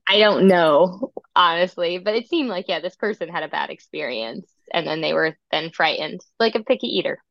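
A woman speech-language pathologist in casual podcast chat, an animated storyteller who says "like" often. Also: lowish voice, normal speed, gravelly, few pauses, no room sound, highs cut off.

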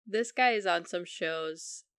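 A woman co-host tells stories in relaxed podcast chat, slipping into little acted-out quotes. Her voice is slightly low, and the recording is dry and close, with no room echo. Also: slow pace, clean tone. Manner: animated storytelling with acted-out quotes. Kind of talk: casual chat.

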